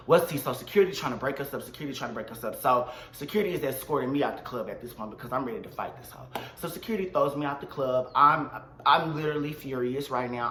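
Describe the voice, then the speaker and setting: A man tells a storytime vlog in a dramatic, slangy, animated way. His voice is bright and forceful. The room echoes, with faint ambience behind him. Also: medium pitch, slight background noise. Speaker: vlogger.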